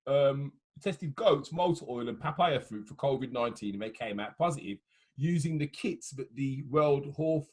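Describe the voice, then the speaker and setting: A man's voice: mid-range voice, lively intonation, normal speed, husky. A man with a Birmingham accent, co-hosting a podcast, rambling with many ums. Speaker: podcast co-host. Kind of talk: casual chat.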